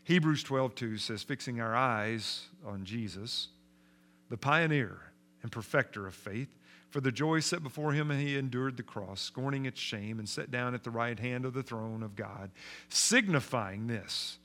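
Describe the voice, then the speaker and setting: A man preaching a sermon as pastor in a church, moving from hushed, reflective passages to loud, emphatic declarations. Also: medium pitch, a little slow.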